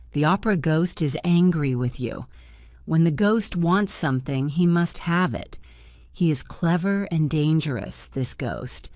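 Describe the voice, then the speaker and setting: A fearless old doorkeeper who talks down to her bosses, blunt and knowing, as a woman reads her in a storybook. The voice sits low and moves slowly, recorded dry and close. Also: darkish tone, no echo. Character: bold, scornful old female doorkeeper.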